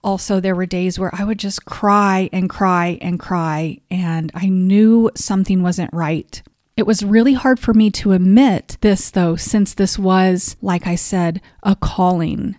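Woman podcast host, middle pitch, confessional storyteller, dry close recording. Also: steady tone, unhurried, darkish tone, dry recording. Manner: heartfelt and confessional; openly emotional at times. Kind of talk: personal storytelling monologue.

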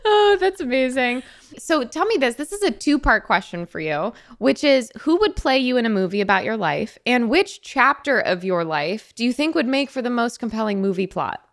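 A woman's voice: a little high, very animated, normal speed. An American woman hosting a podcast in casual chat, laughing often and gushing with exclamations. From United States. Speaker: podcast host.

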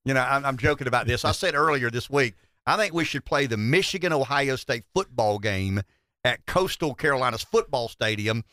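A man's voice: mid-range voice, expressive, fairly quick, bright, forceful tone, no room sound, clean studio sound. A middle-aged man hosting a talk radio show, joking and folksy, often repeating words as he gathers his thoughts. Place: radio studio.

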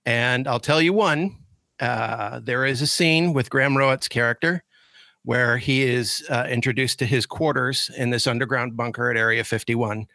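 Bright-voiced man sharing an anecdote. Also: mid-range voice, moderate pace, no room sound. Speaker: podcast guest. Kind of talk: casual chat.

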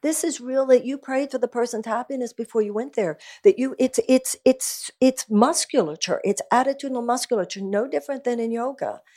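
A woman speaking as a guest at a live event, talking about spiritual life in an earnest, animated, emphatic way. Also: on the high side, fairly quick, hardly any pauses. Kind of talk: conversational talk at a live event.

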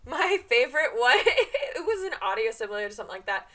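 A woman's voice: a little high, sing-song, brisk, fairly bright tone. A woman chatting casually, laughing and swearing. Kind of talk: casual chat.

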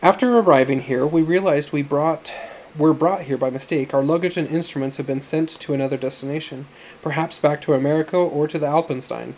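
A man's voice: on the high side, brisk, darkish tone, slight background noise, natural voice. A man voicing a haughty male musician in an audiobook, speaking in a bored, lofty way.

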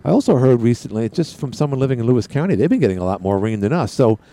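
Chatty male talk radio host, lively pitch. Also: racing. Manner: rambling, chatty, frequent restarts. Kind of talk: casual talk radio monologue and call-in. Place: radio studio.

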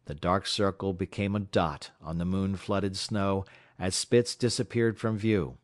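Low-voiced male audiobook narrator. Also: dry recording, clean studio sound. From South Carolina. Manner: measured, steady storytelling.

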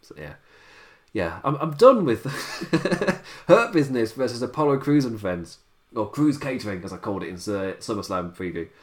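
Man, late-night tired voice, rambling casual commentary, frequent laughs, mid-pitched. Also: very animated, normal speed. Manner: rambling and chatty, laughs often at his own remarks. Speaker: wrestling show reviewer.

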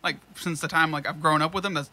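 A young man co-hosting a podcast, chatting casually in quick, profane, animated bursts. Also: a little high. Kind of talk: casual chat.

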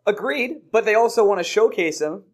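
A man hosting a sports podcast with a fairly high voice for a man, easygoing and quick to laugh. He keeps things loose and chatty with his co-host. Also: expressive. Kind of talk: casual sports chat.

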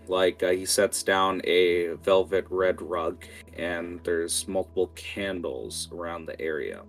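Slow, low-voiced man narrating a tabletop game. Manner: relaxed, halting, with many fillers. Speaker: game master.

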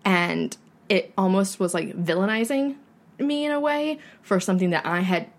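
A young woman co-hosting a podcast in casual chat, telling her own story in animated bursts with halting restarts. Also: mid-range voice. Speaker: podcast co-host.

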